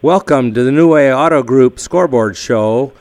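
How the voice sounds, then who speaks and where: Halting male radio sports interviewer. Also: medium pitch, a little mellow. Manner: halting, many fillers.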